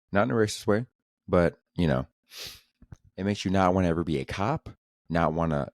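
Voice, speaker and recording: A man's voice: low-pitched, lively intonation, moderate pace, no room sound, studio quality. A man hosting a solo podcast, rambling casually with profane jokes. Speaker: podcast host.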